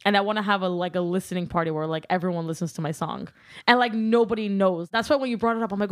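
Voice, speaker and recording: A woman's voice: medium pitch, fast talker. A woman in her late twenties from California, chatting in a bubbly way with lots of "like". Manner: bubbly, says "like" a lot. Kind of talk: casual chat.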